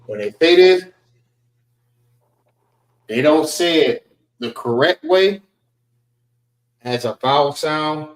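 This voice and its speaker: Man, class teacher, slow drawn-out delivery, repeats sounds syllable by syllable, roomy echo. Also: on the high side, expressive. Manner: slow, repetitive, spells out sounds one by one. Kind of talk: classroom language lesson. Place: library meeting room.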